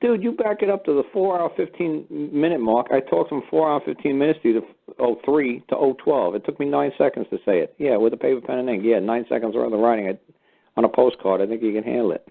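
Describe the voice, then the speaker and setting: Male call-in host: brusque, swearing lecturer, talks quickly, tinny phone-line quality. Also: medium pitch, creaky. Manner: blunt, profane and lecturing. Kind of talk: call-in radio talk. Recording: phone-like narrow sound.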